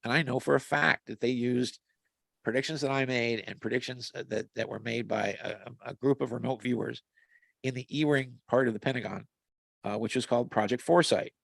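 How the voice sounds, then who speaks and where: A man's voice: medium pitch, steady tone, fairly quick, gravelly, a bit bright, no echo. A man talking casually on a video call, rambling through long stories with many restarts and fillers. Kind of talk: casual conversational storytelling. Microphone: video call mic.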